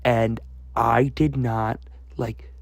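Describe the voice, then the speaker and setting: A man's voice: mid-range voice, little pitch movement, drawn-out words, creaky, no room sound. A young man from the United States telling a rambling, self-mocking story with lots of fillers and restarts. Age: young adult. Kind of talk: casual storytelling vlog.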